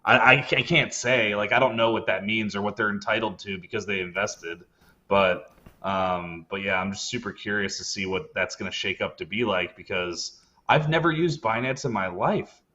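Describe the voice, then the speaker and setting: A man co-hosting a casual roundtable chat, talking haltingly with many ums and uhs. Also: fairly low pitch, pushed and bright, muffled recording. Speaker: podcast co-host.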